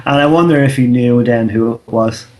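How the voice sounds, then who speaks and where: An Irish man in his thirties chats on a podcast with a middle-pitched voice. He tells a loose, slangy story and swears freely. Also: normal speed, a little mellow. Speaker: podcast co-host. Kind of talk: casual chat.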